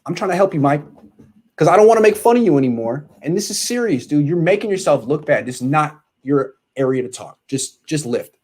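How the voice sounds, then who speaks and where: A male sports podcast host in casual chat, ranting in an animated, exasperated way. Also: on the high side, brisk.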